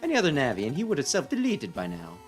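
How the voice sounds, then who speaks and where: A man's voice: on the high side, huge pitch swings, rapid-fire, faint music behind, pitched above the performer's own voice. A man voicing a sinister male mad scientist from a video game, speaking with gleeful, giggly menace. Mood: gloating.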